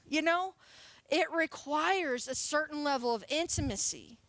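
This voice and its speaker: A woman's voice: high voice, a little slow, fairly bright tone, no room sound. A woman in her late twenties, a youth pastor, giving a sermon in a chatty, playful way and laughing often. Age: late 20s. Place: church sanctuary.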